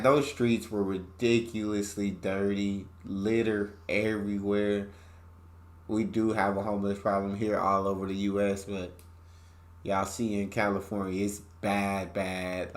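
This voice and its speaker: A man from Texas, reacting casually to a video with loose exclamations. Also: lowish voice. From Texas, USA. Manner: loose, exclamatory, laughs along.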